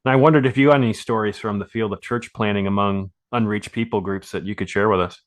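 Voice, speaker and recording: A male interview host with a somewhat low voice. He asks his questions earnestly and without hurry. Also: steady tone, fast talker. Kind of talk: interview hosting.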